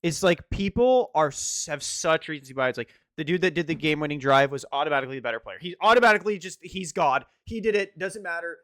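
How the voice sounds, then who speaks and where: A young man co-hosting a casual sports podcast, animated and swearing, sometimes rising to near shouts when worked up. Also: on the high side, quick pace, few pauses, no echo, studio quality. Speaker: podcast co-host.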